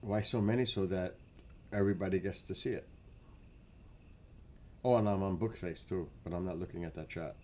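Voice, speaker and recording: Man, livestream host, chatty, lowish voice, talks to chat. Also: moderate pace, long pauses. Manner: chatty, talks to chat by name, gets excited and laughs. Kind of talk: casual livestream chat with viewers.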